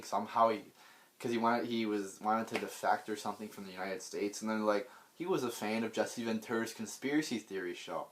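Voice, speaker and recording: Guy ranting off the cuff, swears a lot, keeps tripping over his words and restarting. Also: fairly low pitch. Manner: rambling, with many restarts and stammered repeats; blunt and profane. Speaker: political vlogger. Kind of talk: unscripted rant.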